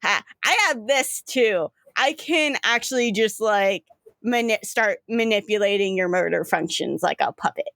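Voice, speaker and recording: A woman's voice: medium pitch, normal speed, gravelly, a bit bright, no room sound. A woman voicing a sly young woman, a younger sister who talks in a teasing, offhand way.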